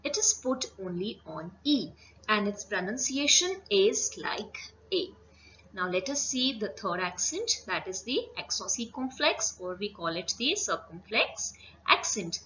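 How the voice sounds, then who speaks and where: A woman teaching a French lesson, speaking slowly and carefully and repeating each phrase for her students. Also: medium pitch, big pitch swings, pushed and bright, highs cut off, a little hiss or hum. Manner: slow, careful, repeats words. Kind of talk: classroom lesson.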